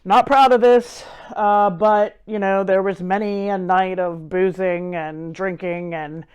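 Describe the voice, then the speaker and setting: A woman's voice: mid-range voice, steady tone, slow, darkish tone, clean tone, lo-fi sound. A woman in her forties hosting a show, telling a personal story with wry, self-deprecating humor. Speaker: host. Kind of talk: casual storytelling monologue.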